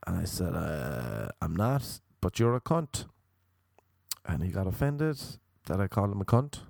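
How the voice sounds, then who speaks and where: A man's voice: low-pitched, big pitch swings, measured pace, gravelly, a little mellow, dry recording, studio quality. A young Irish man hosting a podcast, delivering a sweary, sardonic comedic rant in a casual monologue. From Ireland. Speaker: podcast host.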